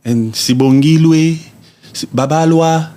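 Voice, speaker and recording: A man's voice: on the high side, slow pace, warm tone. Blunt, mocking male podcast host. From outside South Africa. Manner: blunt and mocking, swears, talks in emphatic repetitions. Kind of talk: opinionated podcast rant.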